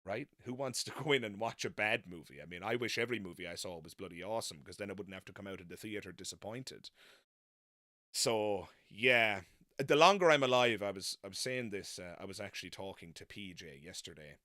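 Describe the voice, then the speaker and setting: A man's voice: on the low side, lively intonation, fairly quick, bright, forceful tone, no room sound, clean studio sound. A man hosting a live stream, chatting casually and self-deprecatingly, wandering off into tangents. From not American. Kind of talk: casual rambling live chat.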